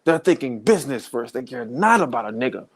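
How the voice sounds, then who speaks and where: A man's voice: mid-range voice, brisk. Male podcast host, fired-up profane comedic rant. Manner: profane, heated, animated.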